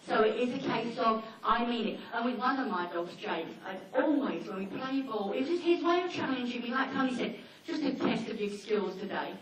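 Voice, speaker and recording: A woman's voice: a little high, animated, fairly bright tone. Chatty woman in an echoey hall. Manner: chatty and anecdotal, acts out dogs and people in quick asides. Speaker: dog behaviour trainer giving a seminar. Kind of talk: informal seminar talk to an audience. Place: seminar room with an audience. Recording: echoey hall, mic far off, faint noise.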